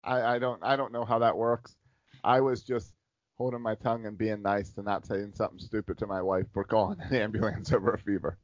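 A man's voice: on the low side, little pitch movement, fairly quick, no room sound, lo-fi sound. A man co-hosting a casual podcast chat, telling a long story with frequent laughs and filler words. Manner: rambling storyteller, laughs often. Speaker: podcast co-host.

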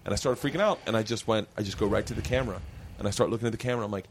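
Male podcast host, low-ish voice, animated and profane storyteller who does the voices in his tales. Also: rapid-fire, slight background noise. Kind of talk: casual storytelling chat.

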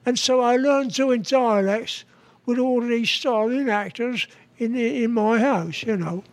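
A man in his nineties from New York, a guest comedian telling stories in a halting way, with restarts and chuckles. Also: extremely high pitch. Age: 90s. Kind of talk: casual storytelling interview.

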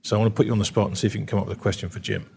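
A man's voice: fairly low pitch, level tone, very fast, creaky, darkish tone, a little hiss or hum. A man hosting a podcast interview, upbeat and jokey as he moves between questions. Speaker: podcast host. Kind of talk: casual interview chat.

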